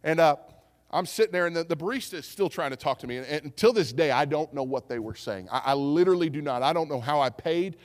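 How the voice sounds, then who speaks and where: A man's voice: on the high side, quick pace. Male pastor preaching in a reverberant church. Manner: storytelling, animated, acts out quotes. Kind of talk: sermon. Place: church sanctuary. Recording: church hall with long reverb.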